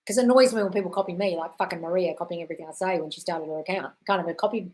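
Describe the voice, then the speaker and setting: A woman's voice: fairly low pitch, rapid-fire, darkish tone. A woman with an Australian accent hosting a casual live-stream Q&A, reading viewer comments aloud and answering them in a chatty way, swearing freely and calling viewers darling. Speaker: host answering viewer questions.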